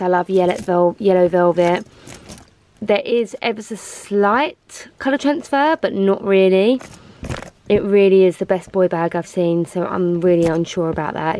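A woman's voice: on the low side, darkish tone, slight background noise. A woman chatting casually in a home vlog, rambling and self-mocking as she talks. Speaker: vlogger. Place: home walk-in closet.

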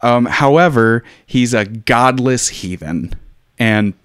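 A man's voice: medium pitch, slow pace, a bit bright, clean tone, no echo, studio quality. A man hosting a casual history talk, loose and chatty with plenty of ums and wry asides. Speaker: podcast host.

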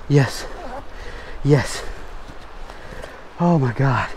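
A man vlogging his fishing outdoors by a stream, exuberant and repeating himself with excitement. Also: mid-range voice, slow pace, pauses often. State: out of breath. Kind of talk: excited outdoor vlog narration. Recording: faint stream noise outdoors.

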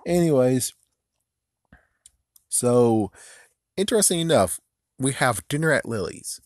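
A man's voice: medium pitch, expressive, slow, a little mellow, no room sound, clean studio sound. A man giving a casual, rambling recap of a TV episode, laughing often and slipping into raised voices to mimic the characters. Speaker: video commentator.

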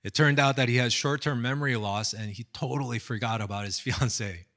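A man's voice: medium pitch, a little fast. A man in his thirties from the United States, a pastor giving a casual storytelling sermon with lots of fillers. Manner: casual, animated storytelling with fillers and acted quotes. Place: indoors, online seminar recording.

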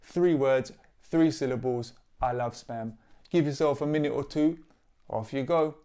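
A man, a poet leading a friendly, upbeat rhyming warm-up for young writers, explaining each task clearly. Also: medium pitch, measured pace. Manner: upbeat, clear teacher-like explanations with example rhymes. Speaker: poet and workshop leader. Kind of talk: instructional video for young writers.

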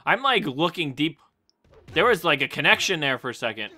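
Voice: mid-range voice, brisk. A gamer giving let's play commentary, talking to themselves, swearing and yelping at sudden events. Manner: excitable, yelps and shrieks at sudden events; talks to self, swearing and laughing. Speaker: gameplay commentator.

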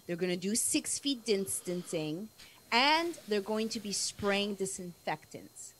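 Woman, journalist guest, medium pitch, rambling, restarts her sentences often. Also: animated, a little slow, a bit bright, low-quality recording. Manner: rambling, many restarts and trailing asides. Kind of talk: casual live-stream chat.

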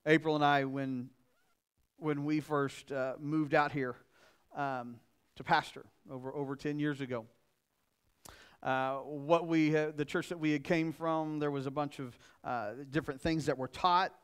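A middle-aged man pastor preaching a sermon, earnest and repetitive, swinging from loud emphasis to quiet asides. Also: fairly high pitch, steady tone, a little slow, clean tone.

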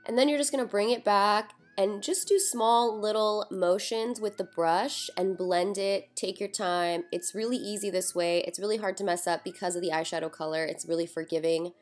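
With faint music behind her, a young vlogger speaks in a steady, mid-range voice at normal speed, barely pausing. Just out of bed and a bit drowsy, she chats through each makeup step, teasing herself along the way.

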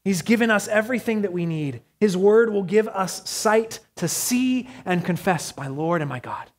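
A pastor preaches a sermon earnestly, shifting between hushed, quiet passages and raised, urgent ones. His voice is high and expressive, and he keeps a moderate pace.

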